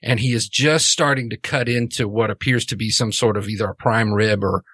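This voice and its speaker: A man's voice: lowish voice, fairly even intonation, a little fast, fairly bright tone, breathy edge, no echo, studio quality. A man narrating a tabletop game as game master, in a casual way full of fillers.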